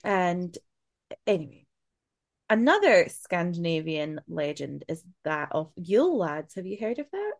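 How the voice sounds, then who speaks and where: Her low-leaning voice is sing-song and unhurried, with vocal fry, in a dry recording. A Scottish podcast co-host, she chats casually about spooky folklore, swearing freely and tossing in laughing asides.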